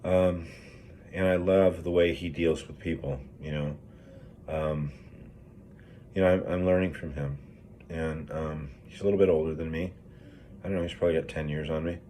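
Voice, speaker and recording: A man's voice: extremely low pitch, steady tone, moderate pace, warm tone, slight background noise. A middle-aged man in recovery, grieving and talking candidly in a rambling, profane way with many fillers and restarts. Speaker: project manager in recovery. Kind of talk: candid personal vlog.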